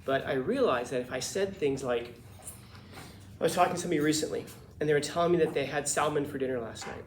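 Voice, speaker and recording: A man teaching a class, his voice pitched a touch higher than most men's. He talks in a lively, emphatic way and slips into little voices for the people he quotes. The room is echoey and has a faint hum of ambience. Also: fast talker. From Los Angeles. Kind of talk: classroom lecture.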